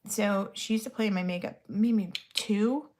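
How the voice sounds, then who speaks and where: A woman's voice: mid-range voice, moderate pace, darkish tone. A woman in her thirties talking casually to the camera while she does her makeup. She is blunt and chatty and swears freely, the way she would with a friend. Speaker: vlogger.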